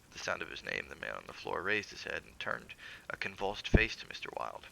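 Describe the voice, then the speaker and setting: Male reader, low gravelly voice with a bright edge, theatrical measured horror narration. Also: wildly swooping pitch, slight background noise, low-quality recording. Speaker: streamer reading aloud. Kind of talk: dramatic reading of a classic horror story.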